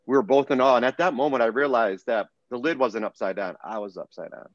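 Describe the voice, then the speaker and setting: A middle-aged man, a podcast guest, telling a personal story in an earnest, animated way, often restarting his sentences. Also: mid-range voice, quick pace, no echo, muffled recording. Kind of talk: casual storytelling interview.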